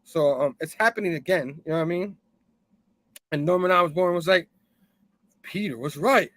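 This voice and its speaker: A man's voice: on the high side, moderate pace, a bit bright, no room sound. A man hosting a casual comic book review, retelling the story loosely, laughing often and dropping "you know what I mean" between lines. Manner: loosely acts out characters' lines. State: hot and sipping a drink. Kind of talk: casual comic recap, paraphrasing dialogue.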